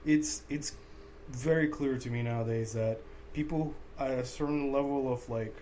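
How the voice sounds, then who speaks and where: A man's voice: medium pitch, fairly even intonation, moderate pace, warm tone, slight background noise. Rambling, profane man co-hosting a podcast. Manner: loose, profane, rambling with many fillers. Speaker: podcast co-host. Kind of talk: casual comedic chat.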